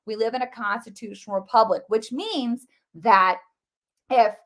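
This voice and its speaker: Rapid and forceful, a woman with a slightly high voice hosts a political commentary livestream. Her delivery is repetitive, and "like" crops up all through her sentences.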